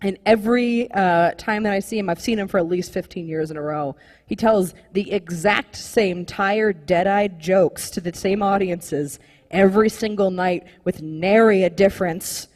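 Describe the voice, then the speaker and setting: A young woman performing a live stand-up comedy set, rambling and animated, full of "like" fillers. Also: mid-range voice, moderate pace, long reverb tail. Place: comedy club stage with live audience.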